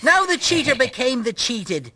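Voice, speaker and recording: Cantankerous Irish puppet bully; needs a high, bright, bouncing sneer. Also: male voice, very animated, moderate pace, breathy edge, dry recording, heavily acted. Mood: storytelling. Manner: mocking, insulting, gleefully crude. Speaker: puppet show co-host. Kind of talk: comic puppet storytelling and bickering.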